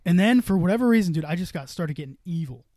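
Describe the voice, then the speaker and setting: Young male podcast co-host, quick and profane, rambling storyteller, dry close mic. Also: high-pitched, lively intonation, dark tone, dry recording. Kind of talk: casual chat.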